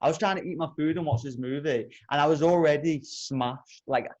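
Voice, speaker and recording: Young guy, co-host, sweary and animated storyteller, slightly high voice. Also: a little fast, lo-fi sound. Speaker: podcast co-host. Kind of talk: casual chat.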